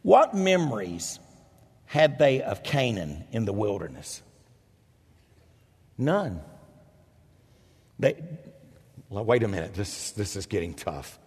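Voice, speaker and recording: An older man preaching a storytelling sermon, animated and self-mocking, with a husky voice. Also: normal speed. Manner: animated, self-mocking, jumps into loud high quoted voices. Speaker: pastor. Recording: echoey hall.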